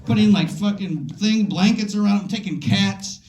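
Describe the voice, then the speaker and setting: A man doing a stand-up comedy set on a club stage into a handheld mic, telling an animated story full of fillers. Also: high-pitched, normal speed, noisy background. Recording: echoey club room.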